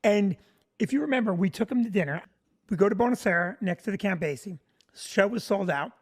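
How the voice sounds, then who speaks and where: A woman comedian and producer telling a long, detailed anecdote at a steady pace. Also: mid-range voice, brisk, breathy edge. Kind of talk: anecdote on a talk show.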